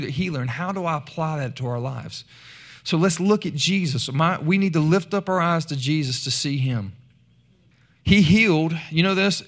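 A man preaching a sermon, animated, rising to loud emphasis when he reads scripture. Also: a little high.

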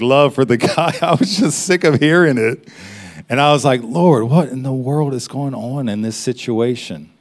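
A man preaching in a conversational, personal way, stopping for quick laughs and honest asides as he addresses his listeners. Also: mid-range voice. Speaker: pastor. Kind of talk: sermon.

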